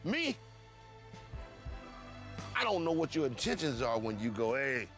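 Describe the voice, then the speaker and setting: A man's voice: mid-range voice, big pitch swings, a little fast, a bit bright, faint music behind. A man from Cleveland telling his story in an interview, profane and acting out the dialogue, repeating words in bursts. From Cleveland, USA.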